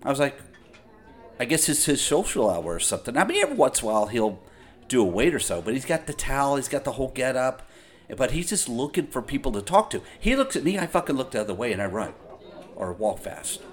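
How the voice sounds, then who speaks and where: A man hosting a podcast, talking in a casual, profane monologue full of exasperated gripes. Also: on the low side. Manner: profane, ranting, exasperated storytelling. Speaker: podcast host.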